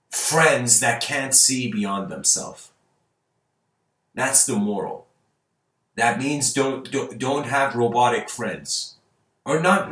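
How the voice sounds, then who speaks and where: Speaking in a medium-pitched, slightly bright voice in an echoey room, a native Persian speaker rambles casually through fables for his viewers, laughing often and restarting words.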